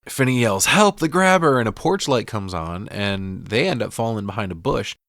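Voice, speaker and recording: A middle-aged man casually recapping a film, swearing, laughing and slipping into quick impressions. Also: fairly low pitch, animated, vocal fry, dry recording, studio quality. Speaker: podcast co-host.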